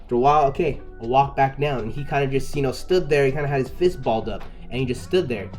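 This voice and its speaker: A man telling a casual story-time tale, repeating words and restarting often as he gets worked up and loud. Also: mid-range voice, quick pace, faint music behind. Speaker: storyteller recounting a personal incident.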